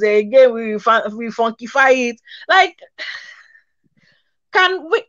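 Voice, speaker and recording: Animated Nigerian woman, high, muffled. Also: no echo. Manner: animated, laughs often. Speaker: co-host. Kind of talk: casual discussion.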